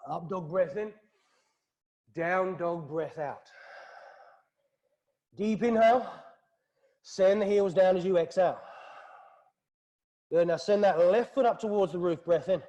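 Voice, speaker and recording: A man with a British accent teaching a yoga class, calling out poses and breaths in a calm, steady rhythm. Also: high-pitched. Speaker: yoga instructor. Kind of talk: guided yoga class cues. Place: hot yoga studio.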